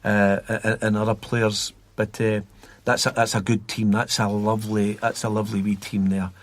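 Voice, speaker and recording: A man's voice: on the low side, level tone, normal speed. A Scottish man telling stories as a guest on a podcast, rambling and repeating words as he recalls them. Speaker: guest from a youth football academy. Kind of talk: storytelling in a podcast interview.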